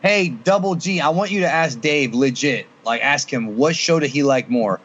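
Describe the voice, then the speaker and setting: A man's voice: mid-range voice, expressive, moderate pace, a bit bright. A man co-hosting a casual podcast, trading jokey, trivia-heavy banter and tacking "bro" onto his lines. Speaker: podcast co-host. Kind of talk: casual chat. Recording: lo-fi podcast audio.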